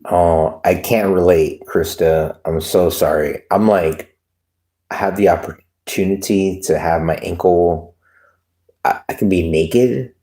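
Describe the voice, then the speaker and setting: A man's voice: deep voice, slow, mellow. A man hosting a livestream, rambling and joking crudely while reading chat aloud. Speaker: livestream host.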